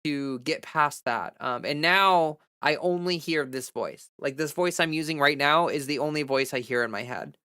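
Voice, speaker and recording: A woman's voice: deep voice, fairly bright tone, dry recording, clean studio sound. A woman livestreamer chatting candidly and giving advice in a casual way.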